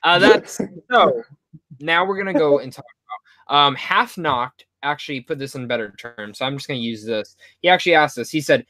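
A young man hosting a casual movie podcast, telling animated stories with lots of stammers and restarts. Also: on the high side, fairly quick, no echo. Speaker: podcast host.

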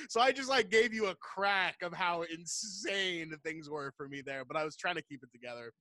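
A man's voice: fairly high pitch, animated, moderate pace, few pauses, sharp tone, no echo. A man hosting a casual podcast chat, laughing often and telling stories with swearing. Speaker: podcast host.

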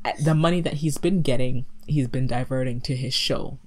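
A woman's voice: extremely low pitch, moderate pace. A woman casually retelling a movie plot, giggling often and filling with "like" and "um". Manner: giggly, animated storytelling with many fillers. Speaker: podcast co-host recapping a movie. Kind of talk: casual chat.

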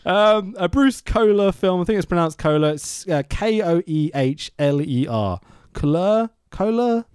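A man hosts a casual film-review podcast, mocking what he watched with a laugh and plenty of swearing. His voice sits fairly high and swings widely in pitch. The sound is dry and close to the mic. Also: lively intonation, normal speed, a little mellow, clean tone, no echo. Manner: sarcastic, laughs often, swears freely. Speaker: podcast host.

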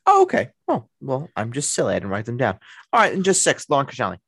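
A man's voice: mid-range voice, wildly swooping pitch, fast talker, a bit bright, slightly rough, no room sound. A man co-hosting a podcast, chatting casually about sports and restarting his sentences often. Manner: rambling, with many restarts and fillers. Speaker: podcast co-host.

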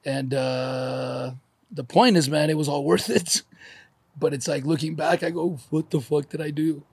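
A man in his forties talks through tears in a podcast chat, swearing often and laughing between words. His voice is gravelly and husky, and it sits a little high for a man. The room sounds dry. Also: steady tone, unhurried, no echo. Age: 40s. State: crying. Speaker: podcast co-host. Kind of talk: emotional podcast conversation.

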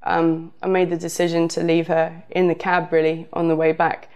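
A woman's voice: sits low, monotone, normal speed, a little mellow, clear, resonant tone. A woman with a southern English accent telling a casual personal story, rambling with frequent fillers. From southern England.

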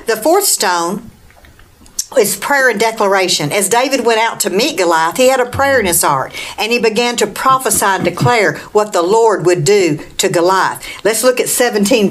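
A woman preaching a Bible lesson, reading scripture aloud and calling "Amen?" to her listeners. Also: medium pitch. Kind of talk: bible teaching talk.

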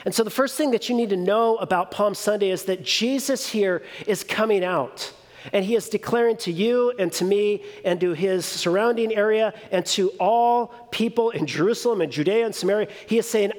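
A man preaching a sermon as a pastor, teaching through rhetorical questions and emphatic pauses. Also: high voice, big-room sound.

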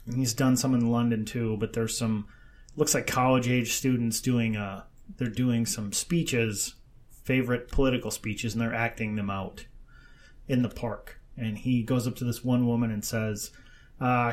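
A man's voice: mid-range voice, fairly even intonation, moderate pace. A man retelling a story in casual podcast chat, acting out the quotes. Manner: storytelling, acts out quotes in raised voices.

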